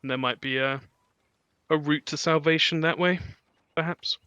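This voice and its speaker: Brief: relaxed male game master, crisp and bright. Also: a little high, moderate pace, no room sound. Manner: relaxed, with frequent ums and laughs. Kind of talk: narrating a tabletop game.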